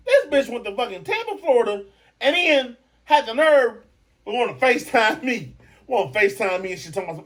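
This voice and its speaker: A man's voice: very high-pitched, big pitch swings, a little fast, fairly bright tone. A man from Michigan hosting a podcast, delivering a profane, brash, mocking comedic rant. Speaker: podcast host.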